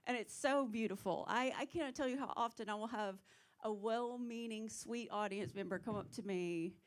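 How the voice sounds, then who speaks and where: A woman from South Carolina with a Southern accent, doing a self-mocking stand-up set and breaking into loud put-on voices. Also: a little high, moderate pace. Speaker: headlining stand-up comedian. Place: small comedy club stage.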